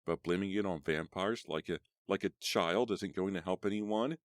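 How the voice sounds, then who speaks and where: A man doing a furious, tearful teenage girl who snaps back in short, heated lines, for a horror audiobook. The voice sits very deep, with a dry, close sound. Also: normal speed, no echo, close to an everyday voice. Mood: angry. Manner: heated, sharp retorts. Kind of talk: audiobook character voice.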